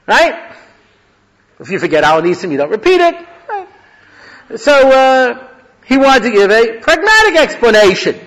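A man's voice: very high-pitched, big pitch swings, normal speed, long pauses, a bit bright, low-quality recording. A man, a rabbi, giving a conversational Torah class, mixing Hebrew phrases into his teaching. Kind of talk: lecture-style Torah class.

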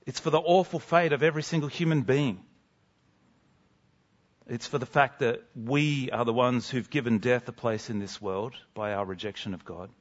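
A man preaching a sermon in an earnest, emphatic way, dropping to soft, slow lines for drama. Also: mid-range voice, muffled recording.

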